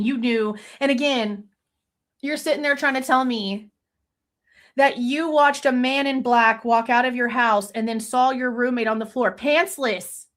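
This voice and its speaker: A woman, her voice pitched high, tears into people in heated, profanity-laced true crime commentary. She talks straight into a desk mic as a faceless channel host. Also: a little slow, fairly bright tone. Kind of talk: angry ranting commentary.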